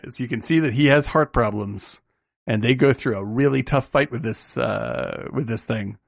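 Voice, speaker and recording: Gravelly man rambling about a film. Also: medium pitch, normal speed, no room sound, clean studio sound. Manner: rambling, many "like" and "right?" fillers, swears casually. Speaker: film podcast host. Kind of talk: casual film discussion.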